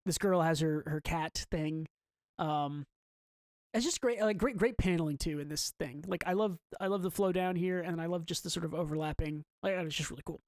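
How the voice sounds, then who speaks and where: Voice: mid-range voice, moderate pace, no room sound, studio quality. A podcast co-host in a casual manga book-club discussion. They talk eagerly and keep reading out the characters' dialogue between their own comments.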